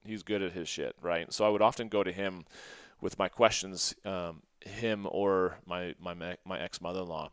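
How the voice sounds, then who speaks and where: Smooth low-voiced man telling a story. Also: steady tone, normal speed, hardly any pauses, no room sound, studio quality. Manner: rambling, many "like" fillers and restarts; earnest and emotional. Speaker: podcast host. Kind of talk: personal storytelling.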